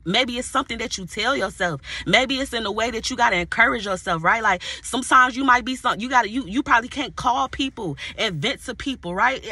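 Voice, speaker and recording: A woman's voice: fairly high pitch, bright, forceful tone, no echo. A woman who is an inner healing coach, preaching motivation to her viewers, repeating her points emphatically, speaking casually and breaking into spoken prayer. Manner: repetitive, emphatic, turns to pray aloud mid-talk; casual colloquial address to viewers.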